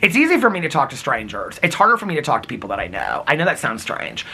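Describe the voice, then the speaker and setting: A man's voice: a little high, wildly swooping pitch, fast talker, bright, forceful tone, breathy edge. A man vlogging in casual, rambling storytelling, chatty and openly personal.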